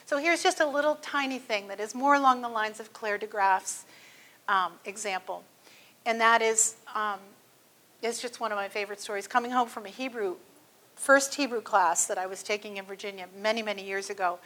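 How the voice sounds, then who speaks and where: A woman's voice: mid-range voice, moderate pace, a bit bright. A middle-aged woman teaching a church class, telling personal stories in a chatty way with many fillers.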